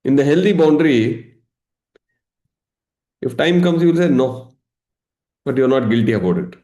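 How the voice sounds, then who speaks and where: A man teaching a live online session as a meditation coach, lively, acting out everyday examples and laughing. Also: mid-range voice, normal speed, reverberant. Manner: animated, acts out examples, laughs often.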